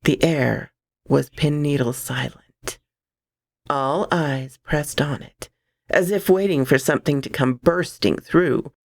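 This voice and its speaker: A woman reading a horror story aloud, expressive and dramatic, close to the microphone. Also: deep voice, slow pace, vocal fry, no echo.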